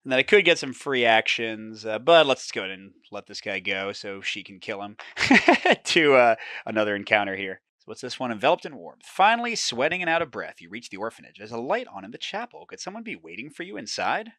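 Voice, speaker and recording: Brief: male board game host, lively pitch, dramatic story reading mixed with casual rules chat. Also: a little fast, no room sound. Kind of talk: reading story text and explaining game moves.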